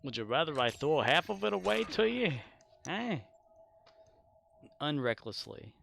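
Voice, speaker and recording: A man's voice: fairly high pitch, big pitch swings, brisk, creaky, fairly bright tone, a little hiss or hum. A man streaming a game, chatting casually as he plays, joking, rambling off on tangents and laughing often. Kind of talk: casual gameplay chat.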